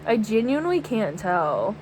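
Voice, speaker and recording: A woman's voice: medium pitch, big pitch swings, moderate pace, a little mellow, slight background noise, poor audio. A young woman chatting casually about music in a vlog, rambling and giggling as she quotes lyrics. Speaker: vlogger.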